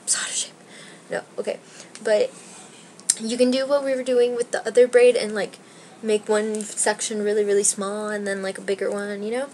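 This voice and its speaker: A woman's voice: medium pitch, level tone, normal speed, a little mellow, a little hiss or hum, rough recording. A young woman giving a casual hair tutorial at home, rambling and self-deprecating, a little out of breath. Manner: chatty, self-deprecating, rambling with many likes. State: slightly out of breath. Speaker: beauty vlogger.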